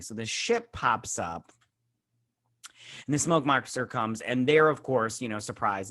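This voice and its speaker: A man's voice: medium pitch, normal speed, fairly bright tone. A young man hosting a show, recapping and reviewing an episode in a rambling, snarky way, full of fillers and mocking quotes. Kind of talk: casual spoken recap and review.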